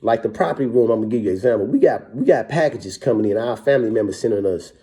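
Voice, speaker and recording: Profane streetwise man, very dark voice. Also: lowish voice, animated, rapid-fire. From Wisconsin. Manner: profane, streetwise, keeps saying "you know what I'm saying". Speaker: former prisoner. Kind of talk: casual storytelling.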